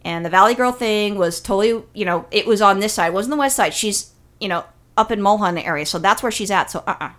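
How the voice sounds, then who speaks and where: A middle-aged woman from California talks on a podcast in a casual, blunt way. She swears freely and tells her stories with animated energy. Her pitch sits right in the middle of the usual range for a woman. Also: quick pace. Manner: blunt, profane, animated storytelling. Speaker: podcast co-host.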